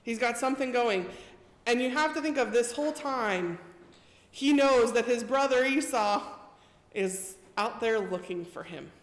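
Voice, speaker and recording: A woman's voice: on the high side, expressive, unhurried. A woman preacher giving a casual sermon, retelling scripture in a chatty storytelling way. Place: church. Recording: echoey church hall reverb.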